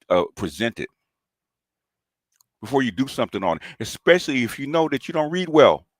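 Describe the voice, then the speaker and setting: A man's voice: mid-range voice, fairly bright tone, no echo, studio quality. A man, hosting a channel and delivering a combative, taunting call-out rant, often tossing in "okay?". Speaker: commentary channel host.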